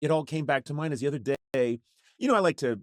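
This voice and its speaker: A man's voice: on the high side, expressive, fast, no room sound. Middle-aged male podcast host, loose comic rambler, dry close-miked studio voice. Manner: rambling, self-mocking, jokey asides. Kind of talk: casual comedic chat. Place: Los Angeles podcast studio.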